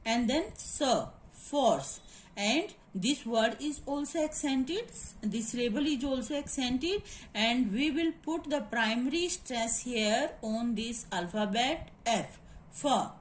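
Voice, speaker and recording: A woman's voice: a little high, lively intonation, slow, a little hiss or hum. A woman giving a classroom lecture, repeating each word and spelling the sounds out letter by letter. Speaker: teacher. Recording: echoey room.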